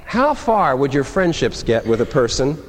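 A male pastor delivers an animated, conversational sermon in a church sanctuary, acting out quotes as he goes. He speaks at medium pitch and normal speed, and the large hall leaves a long reverb.

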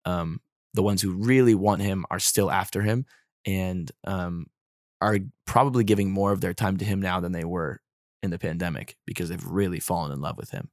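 A man's voice: low voice, normal speed, no echo, studio quality. Young man talking loose and rambly. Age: 20s. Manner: rambling, heavy on fillers like "like" and "um". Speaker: podcast guest. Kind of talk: casual chat.

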